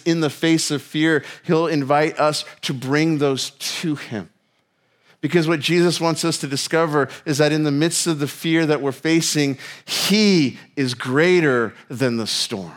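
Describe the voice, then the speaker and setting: A pastor with a slightly high male voice preaches a sermon in a casual, storytelling manner. He leans on self-mocking humor and uses plenty of filler words.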